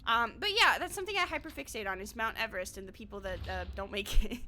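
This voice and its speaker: Woman VTuber, chatty and swear-happy, high and lively delivery, laughs often. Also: quick pace, slight background noise. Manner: rambling, laughs a lot, swears freely. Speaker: VTuber streamer. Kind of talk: casual stream chat while gaming.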